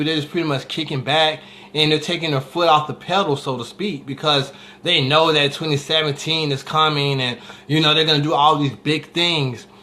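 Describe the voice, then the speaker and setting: A man talks casually and motivationally, with a slightly high, bright and forceful voice. He tells a long story in loose spoken style, full of restarts and little "right?" check-ins. His delivery is informal and conversational. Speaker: motivational speaker.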